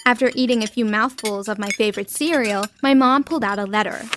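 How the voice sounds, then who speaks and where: A woman narrating a dramatic first-person story with expressive delivery. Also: fairly high pitch, fast, slight background noise.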